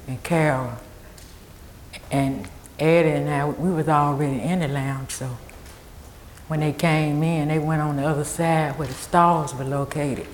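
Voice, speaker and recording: An older woman giving personal testimony, halting and repeating words as she recalls. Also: deep voice, darkish tone, a little hiss or hum. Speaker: event guest. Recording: echoey hall, faint ambience.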